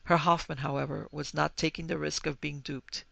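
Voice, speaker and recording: Gravelly man narrating a ghost story. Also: a little high, level tone, normal speed, a bit bright, dry recording. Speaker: podcast host.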